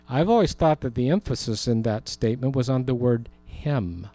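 A man's voice: medium pitch, normal speed, mellow, no echo. A man preaching a Bible teaching sermon in a conversational way, with humorous asides. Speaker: pastor.

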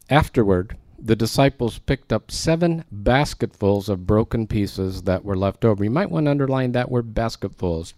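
A man with a fairly low voice teaches through a scripture passage, chatting with his listeners and tossing in jokes. The sound is dry and close, with little room around it. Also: dark tone, dry recording. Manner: conversational, joking asides to the congregation. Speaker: pastor. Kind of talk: expository sermon.

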